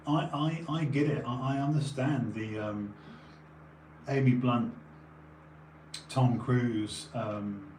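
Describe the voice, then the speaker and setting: Slow and pausing often, a man with a darkish, mid-range voice rambles on stream, full of tangents and restarts. He's tired and has a runny nose; the room is echoey with faint background noise.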